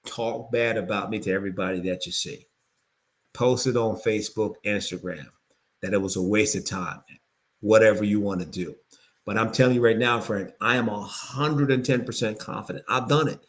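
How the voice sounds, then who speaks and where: Energetic male real estate coach. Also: fairly low pitch, moderate pace. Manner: energetic, repeats phrases for emphasis. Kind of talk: motivational sales pitch.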